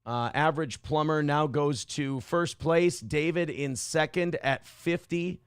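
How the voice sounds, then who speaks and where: A man with a slightly higher voice hosts a live-stream talk show, rambling sarcastically and filling gaps with "uh" and "um". The recording is close and dry, with no room sound around his voice. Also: steady tone, unhurried, clean tone, dry recording. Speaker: show host reading live chat.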